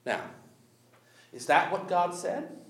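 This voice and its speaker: Animated high-voiced male preacher. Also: roomy sound. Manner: animated, with chuckles and drawn-out emphatic pauses. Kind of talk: sermon.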